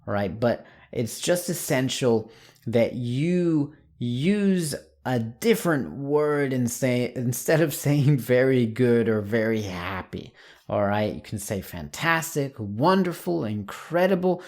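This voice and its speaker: A man teaching an English lesson online, saying example words slowly and clearly. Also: medium pitch, lively intonation, darkish tone.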